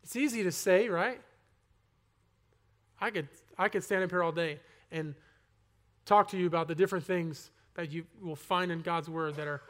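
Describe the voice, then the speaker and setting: A young man giving a personal testimony sermon to a congregation, earnest and conversational, with halting restarts, rising to loud emphasis and dropping to soft asides. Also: high voice. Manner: earnest, swings between loud emphasis and near-whispered asides. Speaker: preacher.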